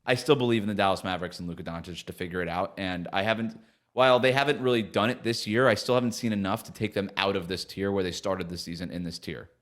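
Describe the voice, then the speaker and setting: Man, podcast co-host, low voice, casual, analytical. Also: fast talker, fairly bright tone. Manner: analytical, laughs easily. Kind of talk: casual sports podcast chat.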